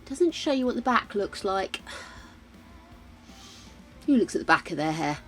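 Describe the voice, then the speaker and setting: A woman's voice: medium pitch, big pitch swings, a little slow, a bit bright. An older British woman streaming a game, chatting casually with viewers, laughing often and muttering to herself as she plays. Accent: British English. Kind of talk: casual chat while playing. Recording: faint game music behind.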